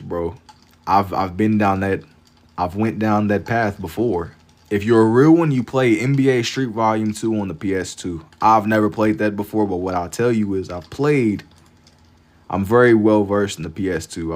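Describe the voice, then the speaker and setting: Laid-back slangy man with a low voice. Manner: laid-back, slangy, repeats phrases while thinking. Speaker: livestreamer drawing for chat. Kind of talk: casual live-stream chat.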